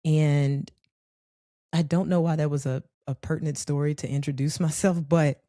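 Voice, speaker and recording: A woman telling a personal story in a conversational, animated way, with frequent profanity. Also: low-pitched, normal speed, no room sound, clean studio sound.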